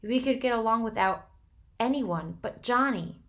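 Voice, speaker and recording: A woman's voice: medium pitch, steady tone, brisk, lightly acted. A joking teenage boy, voiced by a woman reader who has turned grave. His words come out tight and choked. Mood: serious. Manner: serious, choked, snapping.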